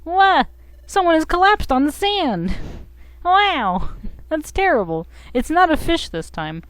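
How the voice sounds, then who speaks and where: A woman voicing an excitable young penguin creature from a game, reading its lines in a high, exclaiming voice. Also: slow pace, no echo, full character voice. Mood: chirpy.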